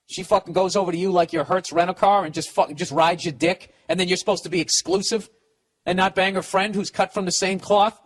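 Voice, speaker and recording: Profane, stammering man with a higher voice. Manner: profane, blunt, stammering restarts. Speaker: podcast host. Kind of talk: comedic advice rant.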